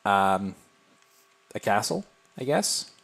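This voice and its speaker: A man casually chatting on a live game stream, thinking aloud and answering viewers in a relaxed, self-deprecating way. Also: fairly low pitch, slow, vocal fry. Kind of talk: casual live-stream chat while playing.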